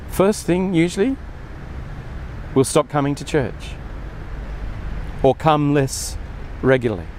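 A man's voice: fairly high pitch, darkish tone, a little hiss or hum. A man preaching a sermon in an earnest way, often acting out quoted speech with more emphasis.

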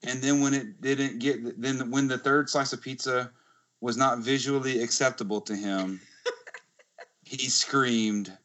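A young man, co-hosting a podcast and telling family stories in a casual, animated way, laughing often. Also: medium pitch, takes it slowly. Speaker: podcast co-host. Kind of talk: casual chat, anecdote. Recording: slightly muffled lo-fi podcast audio.

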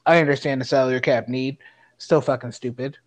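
A man's voice: medium pitch, steady tone, a little fast. A man in his late twenties co-hosting a sports podcast, ranting with heavy profanity and rising anger. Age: late 20s. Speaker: podcast co-host. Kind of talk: casual sports podcast chat.

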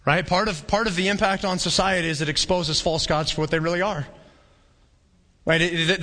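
A man preaching a sermon as pastor in a conversational, animated way, sometimes acting out the voices of a crowd. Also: fairly high pitch. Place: church hall. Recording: long hall reverb.

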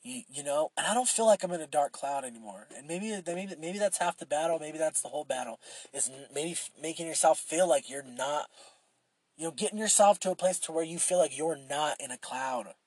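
A man's voice: fairly high pitch, lively intonation, fairly quick, darkish tone, breathy edge, no room sound. A young man hosting a solo podcast, rambling casually with lots of swearing and filler words. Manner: rambling and profane, with frequent fillers and restarts. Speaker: podcast host.

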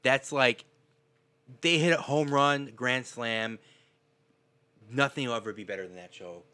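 A man's voice: medium pitch, a little slow, sharp tone. A man co-hosting a podcast in casual, profane chat, laid-back and saying dude a lot. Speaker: podcast co-host.

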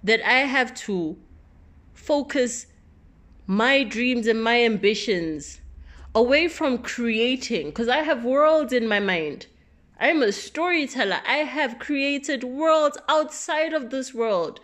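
A woman performing an impassioned spoken-word monologue, fiery and profane, moving between raised outbursts and low, bitter confession. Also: expressive, slow pace, fairly bright tone. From South Africa.

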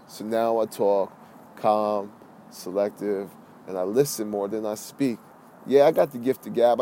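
Emphatic mellow-voiced male motivational coach. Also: slight background noise. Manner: emphatic, repeats key phrases, swings between loud bursts and calm low talk; blunt, profane, slangy. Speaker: health and fitness coach, podcast host. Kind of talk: motivational podcast monologue.

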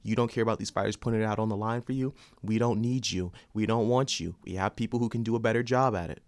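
A young man giving an angry, heated ranting commentary on combat sports, loud and repetitive. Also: lowish voice, fast.

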